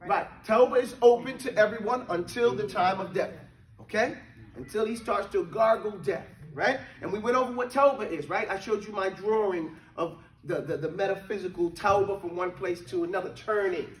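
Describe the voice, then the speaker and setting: A high-pitched man at normal speed teaches an interactive religious class, checking in with his students and chanting verses to drill them. The distant mic picks up an echoey room.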